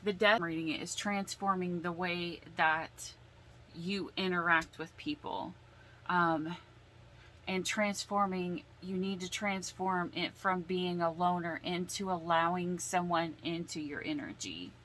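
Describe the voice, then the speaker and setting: A woman giving a casual tarot reading, slow and emotional, sighing and holding back tears as she explains the cards. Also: lowish voice, a bit bright, a little hiss or hum, low-quality recording. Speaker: tarot reader.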